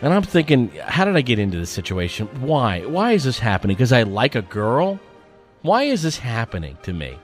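Wry, self-mocking male radio host. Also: medium pitch. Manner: lively, swings between loud outbursts and muttering. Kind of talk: storytelling monologue.

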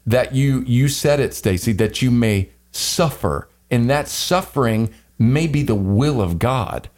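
A man's voice: medium pitch, lively intonation, unhurried, darkish tone. Emphatic joking male podcast co-host. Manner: emphatic, joking, preacher-like rhetorical questions. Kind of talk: casual podcast discussion.

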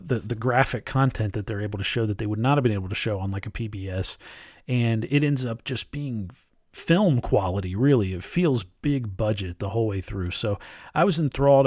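A man's voice: fairly low pitch, a little mellow, no room sound, studio quality. Man giving a casual, opinionated review. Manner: conversational and opinionated, thinking aloud. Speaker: TV and film reviewer.

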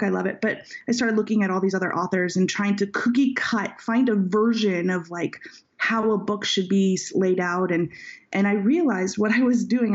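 A woman author telling a personal story in an interview, reflective and heartfelt. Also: mid-range voice. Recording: dull lo-fi audio.

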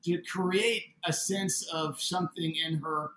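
Man, high bright voice, lively storyteller acting out the dialogue; roomy sound, faint ambience. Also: slow, a little hiss or hum. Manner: animated, acts out quoted dialogue. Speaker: interview guest, building owner. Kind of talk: casual spoken storytelling.

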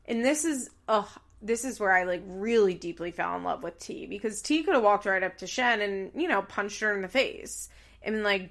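A woman hosting a podcast, recapping a reality show in casual, animated chat with laughs and swearing. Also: mid-range voice, a little slow, creaky.

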